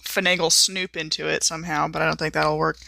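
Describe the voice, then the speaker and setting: A woman's voice: deep voice, little pitch movement, fast talker, vocal fry, pushed and bright, a little hiss or hum. A woman playing a tabletop game in a casual, playful way. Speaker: player.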